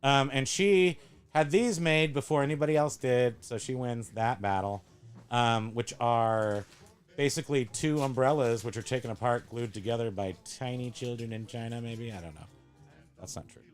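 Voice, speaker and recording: A man's voice: mid-range voice, moderate pace, faint music behind. A man hosting a casual show-and-tell chat at a home tiki bar, rambling and joking as he corrects himself. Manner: rambling, jokey, self-correcting. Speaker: host.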